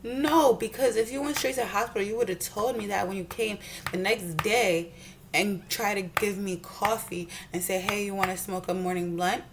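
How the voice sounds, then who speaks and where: A young beauty vlogger rants heatedly and profanely while doing her makeup at home, often repeating herself. Her mid-range voice has vocal fry and a moderate pace, with background noise in the recording.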